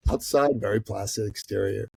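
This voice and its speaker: A man's voice: lowish voice, moderate pace, gravelly, breathy edge, dry recording. A middle-aged man from Iran telling a story in a podcast interview, acting out the people in it. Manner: animated storyteller who acts out the people in his stories. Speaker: guest entrepreneur.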